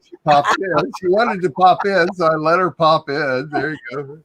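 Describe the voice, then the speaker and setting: A man's voice: fairly high pitch, normal speed, fairly bright tone. A man hosting a casual talk show, joking in an easygoing way.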